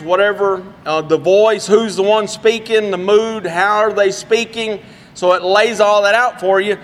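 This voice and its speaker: A man's voice: very high-pitched, fairly bright tone. Man preaching in a hall. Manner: earnest, conversational preaching with folksy asides. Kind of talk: sermon. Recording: long hall reverb.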